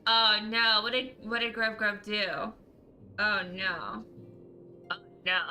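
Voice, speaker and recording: A woman streamer chatting casually and excitably on a livestream, laughing often. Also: medium pitch, takes it slowly, faint music behind, poor audio.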